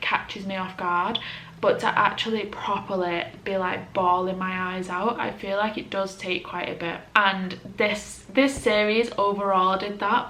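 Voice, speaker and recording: A woman's voice: medium pitch, fairly bright tone, a little hiss or hum. Chatty woman in an echoey room. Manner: rambling, emotional, many restarts. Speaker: book vlogger. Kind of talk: casual chat to camera. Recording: roomy echo with faint ambience.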